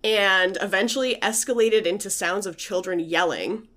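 A woman co-hosting a podcast casually tells a ghost story, chatty and full of fillers, and reads out quotes. Her voice is medium in pitch and a bit bright, at a moderate pace.

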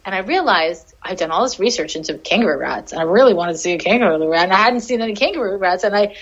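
On dull, lo-fi audio, a woman with a medium-pitched, expressive voice talks fast. She's an animal communicator guesting on a podcast, telling a meandering story in relaxed conversation while laughing often and cursing without restraint.

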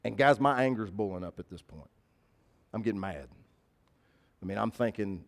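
Animated pastor preaching. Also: male voice, lowish voice, moderate pace, gravelly, pauses often. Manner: animated, conversational preaching with emphatic repetition. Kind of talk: sermon with personal storytelling.

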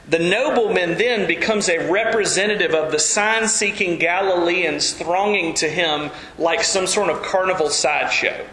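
A man preaching an earnest, animated sermon as pastor. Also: sits high, roomy sound, a little hiss or hum, low-quality recording.

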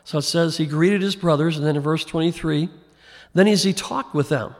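Gravelly preacher in a reverberant hall. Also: male voice, on the high side, moderate pace. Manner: conversational, rising to emphatic preaching. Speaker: pastor. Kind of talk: expository sermon.

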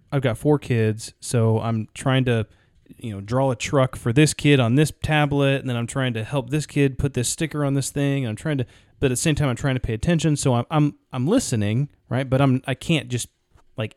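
A man co-hosting a podcast in casual chat, telling stories in a relaxed, plainspoken way. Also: mid-range voice, no room sound, clean studio sound. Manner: relaxed storytelling, plainspoken, with short agreeing interjections. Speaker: podcast co-host.

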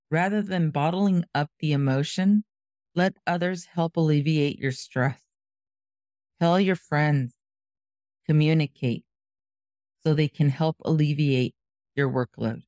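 Woman, measured explainer, calm delivery, dry close sound. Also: deep voice, no echo. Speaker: podcast participant. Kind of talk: explaining recovery concepts.

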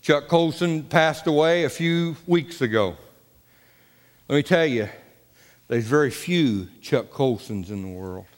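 A pastor preaching a folksy, repetitive sermon in his church sanctuary. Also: medium pitch. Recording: long church reverb.

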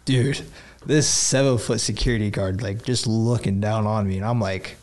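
A man's voice: fairly low pitch, normal speed. Rambling young man telling a story. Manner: rambling, filler-heavy, animated. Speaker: store employee telling a story. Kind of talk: casual storytelling.

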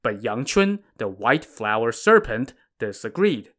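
Man narrating a story podcast, lively pitch, bright voice. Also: unhurried, hardly any pauses. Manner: animated, playful storytelling. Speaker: podcast host.

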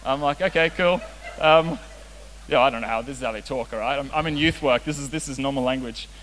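A young man serves as a youth pastor, delivering a relaxed, jokey sermon full of self-deprecating humor. His medium-pitched voice is a bit bright and he talks fast. The recording has the echo of a large hall and a faint hiss.

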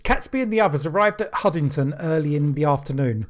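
A man's voice: a little high, lively intonation, quick pace. A man, co-hosting a casual podcast, reading history notes aloud with joking, sweary asides. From London. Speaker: podcast co-host.

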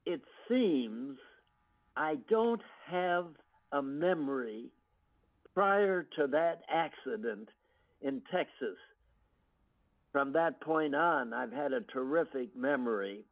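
An older man from the United States recalls his past at a slow, easy pace. His speech is full of ums and restarts. The audio is thin and tinny, like a phone line. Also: a little high, expressive. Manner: unhurried storytelling with frequent ums and restarts. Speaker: guest actor. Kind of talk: reminiscing interview.

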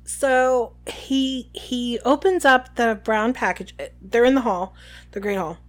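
A woman co-hosting a casual podcast, chatting and reading book passages aloud with lively voices for the quotes. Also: on the high side, slow. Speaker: podcast co-host.

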